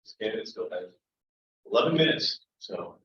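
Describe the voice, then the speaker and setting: A man's voice: lowish voice, expressive, moderate pace, fairly bright tone, a little hiss or hum. A man who is a township supervisor, rambling through casual small talk. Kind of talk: casual chat. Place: township meeting room. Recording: roomy, distant, dull meeting-room audio.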